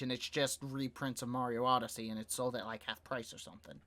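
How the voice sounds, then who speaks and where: A man's voice: mid-range voice, flat delivery, fairly quick, few pauses, sharp tone. A young man co-hosting a casual podcast, rambling with fillers and laughing easily as he chats. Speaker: podcast co-host. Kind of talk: casual chat about video games.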